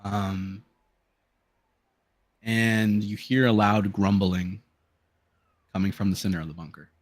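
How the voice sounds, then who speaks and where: A man narrating a tabletop game as game master, casual and halting with fillers. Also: lowish voice, fairly even intonation, dry recording.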